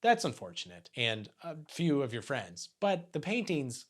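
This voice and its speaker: A young man hosts a jokey movie recap with sarcastic asides. His pitch leaps around as he slips into silly voices for the characters. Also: wildly swooping pitch, normal speed. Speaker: YouTube host.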